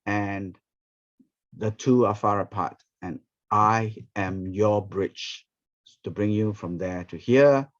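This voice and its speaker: A man, teaching a ministry training session through lively stories and acted-out quotes. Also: fairly low pitch, takes it slowly. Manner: animated, acts out quoted speech. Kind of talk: storytelling teaching talk. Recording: dull, muffled recording.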